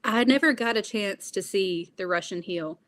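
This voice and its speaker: A woman's voice: medium pitch, moderate pace. A young woman being interviewed, answering in an earnest, reflective way with frequent fillers. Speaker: interview guest.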